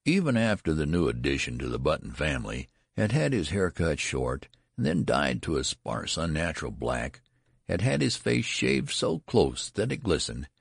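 A very deep-voiced man reading a story aloud, measured and wry. His voice is gravelly with a husky edge, and his pitch moves in a lively way. The recording is dry and close. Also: no echo. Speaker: narrator.

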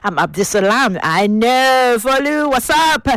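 A woman's voice: on the high side, sing-song, unhurried, a bit bright, no echo. A woman hosting a call-in radio show, chatty and playful, coaxing answers from young callers.

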